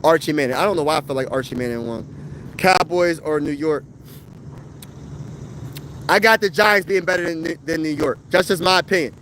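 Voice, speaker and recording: A high-pitched young man from Pennsylvania riffs on football in loose, slangy chat. He fires off rhetorical questions and keeps an easy, animated flow. A faint hum sits beneath his voice. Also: normal speed, pauses often, low-quality recording. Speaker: sports talk livestream host. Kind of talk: casual live chat reading viewer comments.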